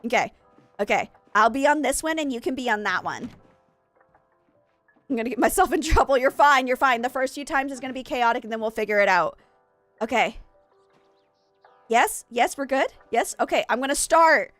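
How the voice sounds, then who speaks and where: A young woman with a slightly high voice chats casually on a live stream, excitable and quick to giggle when she gets flustered. Her voice sits dry and close on the mic, with faint game music underneath. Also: no echo. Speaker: streamer hosting a game party.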